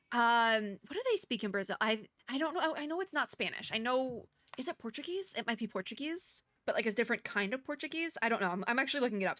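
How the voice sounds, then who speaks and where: A woman's voice: on the high side, sharp tone, no room sound, studio quality. A young woman giving casual, rambling commentary while playing a game, laughing often and using lots of fillers. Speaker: streamer playing and reading a game story.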